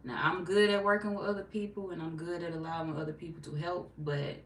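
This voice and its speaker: Woman w/ aave ranting casually on a stream, lowish voice, kinda far from the mic in a roomy space, faint hum. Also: fast. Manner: animated storyteller, cussing freely, acting out quotes. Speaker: tarot reader streaming live. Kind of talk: casual livestream chat.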